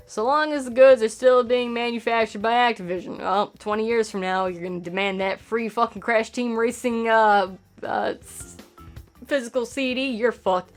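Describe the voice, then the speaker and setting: A woman's voice: fairly high pitch, fairly even intonation, moderate pace, soft background music. A woman host reading a game manual aloud for comedy, breaking in with sarcastic, profane asides. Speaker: channel host.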